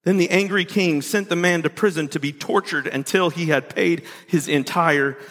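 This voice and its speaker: A pastor preaching a sermon. He preaches with big swings in pitch. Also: normal speed, fairly bright tone. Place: church sanctuary. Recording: long reverb of a church hall.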